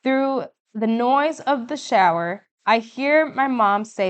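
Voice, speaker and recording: A woman narrating a first-person audiobook in a slow, measured way. Her voice sits somewhat high, and she lingers on vivid details. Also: animated, clean tone.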